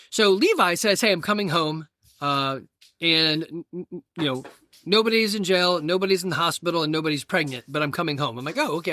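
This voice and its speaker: Lively bright-voiced male podcast host. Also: high voice, dry recording, studio quality. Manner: storytelling, conversational with fillers and restarts. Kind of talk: casual solo podcast talk.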